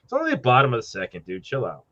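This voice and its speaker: A man co-hosting a sports talk show, cursing freely and ribbing the others with sarcasm. His voice swings widely in pitch. The call audio sounds dull and lo-fi. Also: wildly swooping pitch, very fast, bright, forceful tone. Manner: profane, sarcastic banter. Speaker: show co-host. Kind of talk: casual sports chat.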